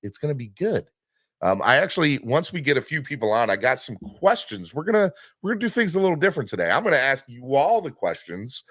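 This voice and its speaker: Man, sports podcast host, casual rambling chat, lively pitch, dry sound. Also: quick pace, no echo. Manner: animated, rambling with fillers.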